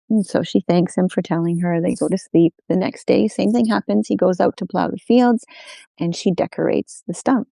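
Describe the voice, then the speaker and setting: A woman telling a folk tale aloud in an unhurried way, with repeated refrains. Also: lowish voice, fairly even intonation, creaky, warm tone, no room sound. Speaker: storyteller guest. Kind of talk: oral folk-tale storytelling.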